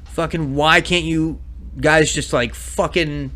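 A man's voice: fairly high pitch, fairly even intonation, takes it slowly, pushed and bright. A man co-hosting a casual podcast, ranting heatedly and swearing a lot. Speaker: podcast co-host.

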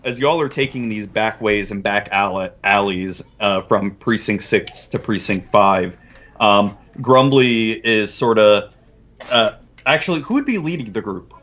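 A man's voice: lowish voice, expressive, a little slow, fairly bright tone, lo-fi sound. A man narrating as game master of a tabletop game, chatty, with stumbling restarts.

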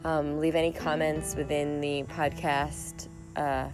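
Low-voiced woman musing on her podcast. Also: flat delivery, slow pace. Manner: rambling, reflective, laughs often. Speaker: podcast host. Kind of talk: solo podcast monologue. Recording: music playing behind.

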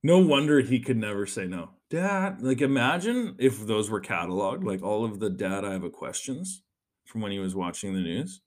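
Speaking briskly with few pauses, a man with a fairly low, expressive voice delivers a casual podcast monologue on his own. He rambles, chats, swears a lot, and fills gaps with lots of filler words.

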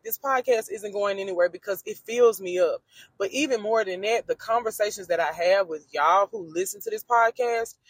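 A woman hosts her faith podcast from her car, speaking in a husky, breathy voice. She talks to her listeners as friends, in a chatty and emphatic way that often turns preachy. The sound is close and dry. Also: mid-range voice, no echo. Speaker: podcast host. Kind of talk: casual faith-based podcast monologue.

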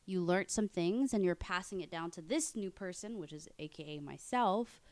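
A woman talking casually with a friend, recounting stories and playing out quoted lines. Her voice sits low and sounds smooth and clean. The recording is close and dry. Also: moderate pace, no room sound. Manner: storytelling, animated when quoting. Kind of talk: casual chat.

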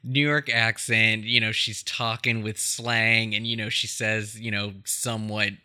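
A man's voice: on the low side, little pitch movement, unhurried, pushed and bright, clean tone. A man hosting a podcast, chatting casually about a film with many fillers and frequent laughs. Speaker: podcast host.

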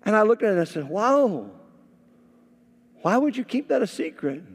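A man preaches from the pulpit, a pastor telling a story and acting out the voices of the people in it with animated energy. His voice sits a little high for a man. The sound carries a long reverb from a large church sanctuary. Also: normal speed. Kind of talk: sermon.

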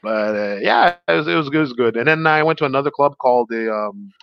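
A man's voice: medium pitch, animated, fast talker, gravelly, smooth, no room sound, lo-fi sound. A man, a stand-up comedian guest, telling stories in a casual interview, rambling with fillers and restarts.

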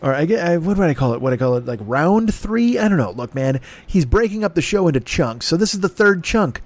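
A man's voice: on the high side, expressive, a little fast, no room sound, studio quality. A man hosting a podcast, chatting casually and riffing on tangents with crude, jokey humor. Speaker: podcast host. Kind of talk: casual, rambling promo chat.

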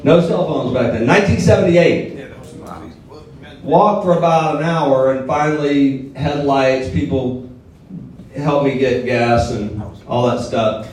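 A middle-aged guest speaker from southern Alabama, with a Southern accent and a slow, slightly mellow medium-pitched voice, tells jokey stories in a motivational speech. He jokes with a live audience in a large hall, and the mic sounds distant amid the echo.

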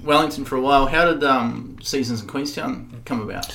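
A man's voice: mid-range voice, steady tone, fairly quick, vocal fry, bright, forceful tone, slight background noise, rough recording. A man hosting a podcast, asking questions in an easygoing, slangy way. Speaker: podcast host. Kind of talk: casual interview chat.

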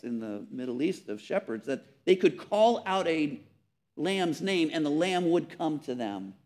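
A man preaching a sermon, earnest and emphatic, repeating words and dropping softly on key phrases. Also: a little high. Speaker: pastor.

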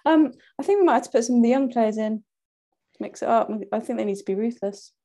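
A young woman from the East Midlands of England co-hosting a podcast, playful and quick to laugh. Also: fairly high pitch, warm tone. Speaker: podcast co-host. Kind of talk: casual chat.

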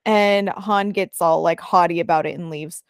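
A woman's voice: on the low side, fairly even intonation, moderate pace, smooth, no room sound, clean studio sound. A woman co-hosting a casual podcast, thinking aloud about a book in a conversational way. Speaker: podcast co-host.

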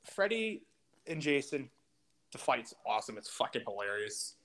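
A man's voice: medium pitch, sing-song, normal speed, heavy background noise. A young man hosting a podcast in crude casual chat, blunt and trash-talking. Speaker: podcast host.

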